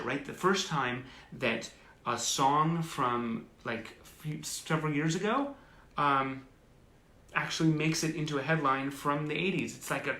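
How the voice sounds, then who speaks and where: A man's voice: fairly high pitch, sharp tone, roomy sound. A man hosting a casual live stream, reading old clippings aloud with wry, self-mocking asides. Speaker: host. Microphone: phone or webcam on a live stream.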